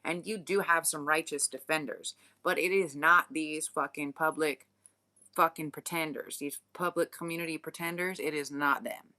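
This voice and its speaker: A spiritual reader talks straight to the viewer in an unscripted reading. The voice is bright and sharp-edged, and the speaker is blunt and profane, often restarting sentences and breaking off into asides. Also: mid-range voice. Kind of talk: unscripted channeled reading monologue.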